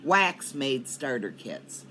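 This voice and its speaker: A woman's voice: very deep voice, sing-song, slow, a bit bright, a little hiss or hum. An older woman chatting casually to her viewers in a rambling way, coughing often. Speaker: cannabis vlogger. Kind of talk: casual chat to camera. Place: at home in Colorado.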